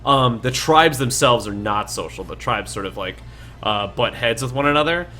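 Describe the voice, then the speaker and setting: A man's voice: mid-range voice, lively intonation, normal speed, pushed and bright, faint music behind. A young man narrating casually as dungeon master, rambling with lots of fillers. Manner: rambling, filler-heavy, laid-back. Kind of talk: casual tabletop game narration.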